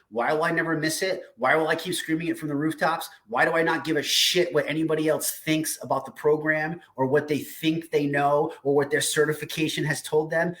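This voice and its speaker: A man with a slightly raised pitch gives a fired-up, emphatic pep talk on his livestream. He repeats his phrases for emphasis and swears casually. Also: a bit bright. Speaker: host of a weekly diet community livestream. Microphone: video call streaming setup.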